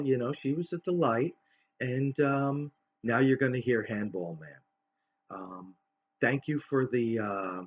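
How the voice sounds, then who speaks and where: A man in his fifties hosting a show, telling a personal story in a halting, rambling way full of fillers and restarts. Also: medium pitch, highs cut off, a little hiss or hum. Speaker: host.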